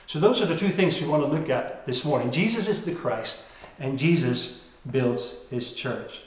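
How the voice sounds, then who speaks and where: A man's voice: mid-range voice, lively intonation, normal speed, a little hiss or hum. A man preaching a sermon, earnest and reflective, letting his voice sink at the end of key phrases. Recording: very echoey room.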